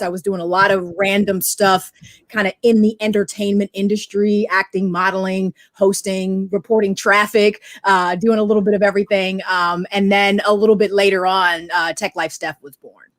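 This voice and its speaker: A middle-aged woman guest telling her career story in an animated way, acting out the voices in her anecdotes. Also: medium pitch, normal speed, no room sound, clean studio sound. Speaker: guest, technology media expert. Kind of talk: storytelling interview talk.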